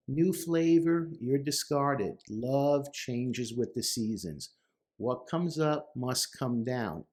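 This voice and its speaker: A middle-aged man talks earnestly as a therapist, breaking down lyrics line by line. His voice sits at a middle pitch, and he leans into quoted lines with rising emphasis. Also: expressive, a little slow, darkish tone. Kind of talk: explanatory talk to camera.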